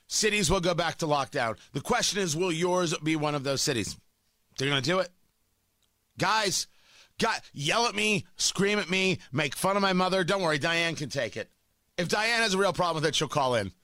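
A man's voice: high voice, sharp tone, no echo. A middle-aged man hosting a talk radio show, giving a brash, emphatic monologue with joking asides into a studio microphone.

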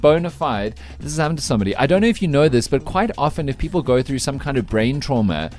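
A man hosting a breakfast radio show, teasing his co-hosts in lively banter. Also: medium pitch, fast talker, soft background music. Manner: teasing, animated, laughs often.

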